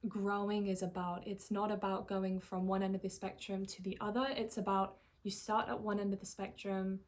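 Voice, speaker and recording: Calm and thoughtful, a female life coach talks through a monologue in a medium-pitched voice. Key points come out slower and softer.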